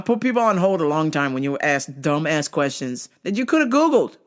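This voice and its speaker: A middle-aged woman hosts her own show and tells a story as a casual rant. She swears freely, gets animated and breaks into laughter often. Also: low-pitched, brisk, few pauses. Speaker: show host.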